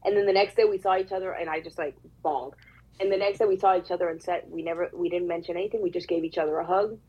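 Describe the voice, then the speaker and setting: An actress with a Puerto Rican accent tells a candid, emotional, profane story on a casual podcast. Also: female voice, lowish voice, steady tone, quick pace, breathy edge, lo-fi sound. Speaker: actress guest.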